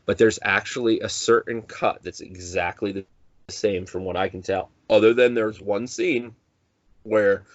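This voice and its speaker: A man's voice: on the low side, steady tone, measured pace, no room sound, lo-fi sound. A man co-hosting a podcast in casual chat, rambling with many restarts and acting out quotes. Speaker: podcast co-host.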